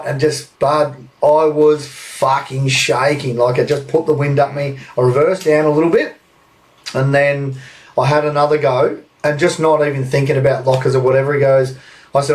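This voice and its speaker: A man's voice: mid-range voice, little pitch movement, moderate pace, darkish tone, distant mic. A man in his thirties with an Australian accent, telling a rambling anecdote on a podcast and swearing freely. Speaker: podcast host. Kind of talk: casual storytelling.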